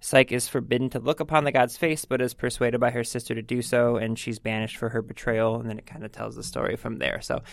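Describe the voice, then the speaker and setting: A man co-hosting a casual book podcast, unhurried and hesitant, with lots of fillers and some teasing. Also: medium pitch, level tone, gravelly, dry recording. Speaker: podcast co-host.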